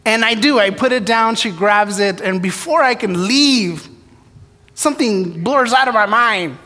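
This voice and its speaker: A man's high, sharp voice moves a little slowly as he preaches a testimony in a church sanctuary, the large hall echoing long behind him. He's open and self-mocking, dramatizing his prayers and the exchanges in his story.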